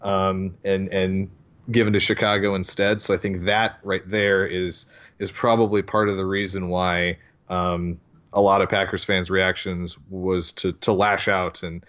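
A man appearing as a guest writer on a sports podcast, talking casually and haltingly, often repeating words. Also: low-pitched, flat delivery, a bit bright, dull audio.

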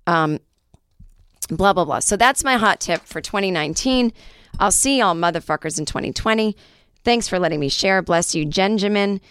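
A woman's voice: medium pitch, normal speed, smooth, dry recording. A woman hosting a podcast in a casual monologue, joking and swearing, a little short of breath. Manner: profane, joking, animated. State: trouble breathing. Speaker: podcast host.

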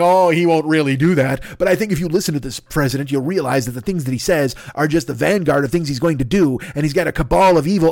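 A man's voice: on the high side, fast, few pauses, darkish tone, dry recording, studio quality. Exasperated, profane ranting podcast man. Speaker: podcast host. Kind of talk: comedic rant. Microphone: podcast microphone.

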